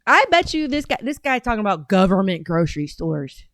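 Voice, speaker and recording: A woman's voice: medium pitch, very animated, a little fast, fairly bright tone, no room sound. A woman in her thirties hosting a casual commentary show, ranting in a heated, sarcastic, profane way. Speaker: show host.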